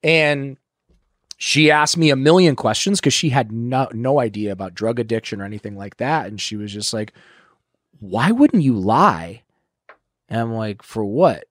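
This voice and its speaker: A man telling a long personal story in an interview, rambling and profane, getting animated when he quotes other people. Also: mid-range voice, normal speed, dry recording, studio quality. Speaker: guest in recovery.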